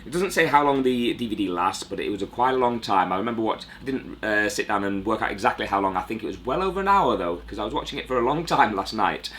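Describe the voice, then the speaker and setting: A man's voice: on the low side, lively intonation, quick pace, hardly any pauses, a bit bright, a little hiss or hum. A man giving a chatty, rambling review of a magic trick, with self-deprecating asides. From United Kingdom. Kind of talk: casual review monologue.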